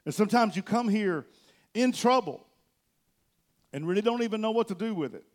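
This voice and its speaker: A male pastor preaching a sermon from a church stage, telling the story with animation and swinging between loud and soft. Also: sits high, lively intonation, normal speed.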